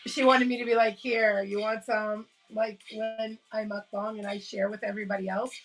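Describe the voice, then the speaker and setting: A woman's voice: mid-range voice, flat delivery, moderate pace, soft background music, poor audio. A woman hosting a casual live stream from home, telling stories with lots of laughs and greeting her chat. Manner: chatty storyteller, laughs often, greets chat. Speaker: livestream host.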